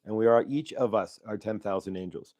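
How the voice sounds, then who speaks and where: A man's voice: on the low side, a little fast, a little mellow. A man hosting a spiritual livestream, chatting casually with viewers and reading oracle cards, rambling with lots of fillers and friendly asides. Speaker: host of a channeling and card-reading livestream.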